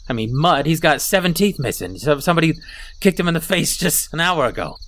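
A man's voice: fairly high pitch, big pitch swings, brisk, fairly bright tone. A man voicing a weary, downtrodden male kobold leader in a tabletop game, rambling and hesitant.

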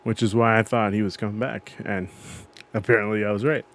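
A man's voice: fairly low pitch, steady tone, a little fast, fairly bright tone. A man co-hosting a casual podcast chat who tells stories in a rambling way and keeps correcting himself as he goes. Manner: rambling, self-correcting storyteller. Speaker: podcast co-host. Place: podcast recording.

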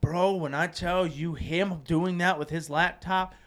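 A man's voice: fairly high pitch, a little slow. A young adult man telling a story in a casual chat, swearing freely and acting out the people in it. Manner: animated, swears a lot, acts out voices in stories. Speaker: guest comedian.

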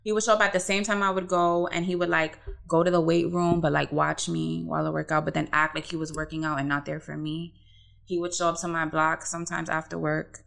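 A young woman telling a story in casual podcast chat, animated and full of swearing and fillers. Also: low voice, brisk, creaky. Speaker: podcast co-host.

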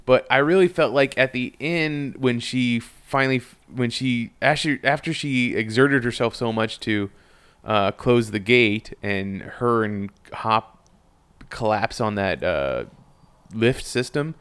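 A man's voice: mid-range voice, slow pace, fairly bright tone, smooth. A man co-hosting a casual podcast chat, talking in long rambling sentences with restarts and frequent laughs. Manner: rambling, self-correcting, laughs often. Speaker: podcast co-host.

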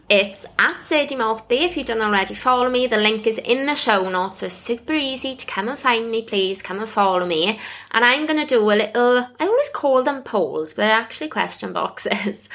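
A young British woman talks alone on her podcast. Her voice is bright and forward, and she speaks at a middling pitch. She sounds earnest and heartfelt as she thanks her listeners. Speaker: podcast host. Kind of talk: casual solo podcast monologue.

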